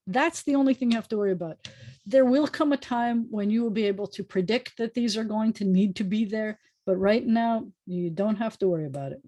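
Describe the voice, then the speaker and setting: A woman's voice: fairly high pitch, a little fast, mellow, no echo. A woman rabbi with an American accent, patiently teaching a beginner Hebrew class over a video call and sounding out letters as she goes. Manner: patient, chatty teacher demonstrating sounds aloud. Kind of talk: online language lesson. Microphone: desk microphone on a video call.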